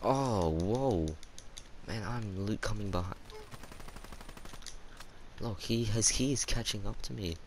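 A man with a deep, low voice narrates his shooter gameplay live. He chats casually to his viewers and bursts into exclamations whenever he gets a kill or gets taken out. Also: slow pace, pauses often, darkish tone, a little hiss or hum. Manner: reactive, chatty, exclaims at kills and deaths. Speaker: gaming YouTuber.

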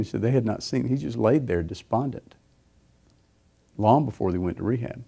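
Low, mellow man telling a story. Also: moderate pace, vocal fry, breathy edge. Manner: rambling storytelling, frequent fillers and restarts. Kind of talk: sermon testimony.

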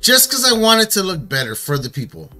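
A leatherworker with a sharp, bright, fairly high voice jokes with his co-host. He speaks straight to viewers at times. Soft music sits under the talk. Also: very animated, fairly quick. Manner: joking, talks to viewers directly. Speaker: leather craftsman, show co-host. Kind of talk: casual chat.

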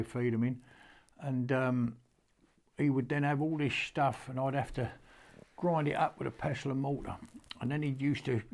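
An older Englishman talks casually and with feeling, in a homely, rambling way. His voice sits at an ordinary middle pitch, and he often stops and starts again mid-sentence. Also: darkish tone. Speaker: horseman showing an antique. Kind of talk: casual storytelling to camera.

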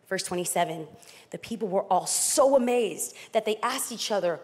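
A woman's voice: medium pitch, very animated, normal speed, a little mellow. A woman pastor from East Los Angeles preaching a sermon, emphatic and dramatic with playful asides. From East Los Angeles, California. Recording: long hall reverb.

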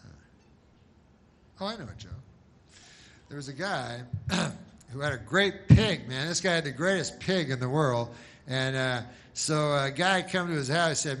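Deadpan rambling stand-up man. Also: fairly high pitch. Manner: halting, deadpan, full of filler words. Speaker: stand-up comedian. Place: private event room. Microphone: handheld mic.

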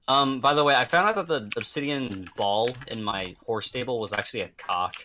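A man giving deadpan, rambling updates on a game voice call. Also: medium pitch, fairly quick, a little hiss or hum. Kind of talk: casual gaming chat on a voice call.

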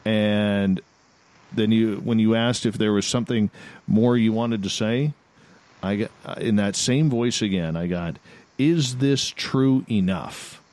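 A male radio host chatting casually and reading out listeners' results in a halting, unhurried way. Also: lowish voice, a little mellow. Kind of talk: casual talk-radio chat.

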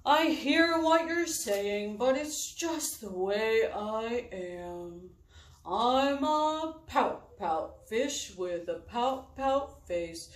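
A woman voicing a gloomy, droopy male fish in a storybook reading, stretching the words out slowly and mopily. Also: fairly high pitch, animated. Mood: mopey. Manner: slow, drawn-out, mopey sing-song. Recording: roomy, distant mic.

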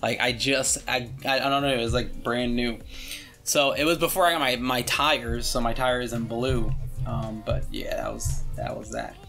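A man's voice: mid-range voice, pushed and bright. A young man hosting his channel and telling a story in a casual, rambling way, full of fillers and casual swearing.

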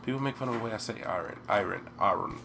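A man's voice: mid-range voice, animated, racing, noisy background. Rambling young American gamer guy. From United States. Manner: rambling, chatty, bursts into loud yelps. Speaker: let's play gamer. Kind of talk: game commentary.

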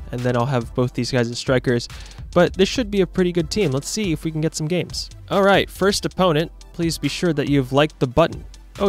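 A young man giving casual, excitable commentary over his own football video game match, reacting loudly to the plays. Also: fairly high pitch. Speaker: gaming YouTuber.

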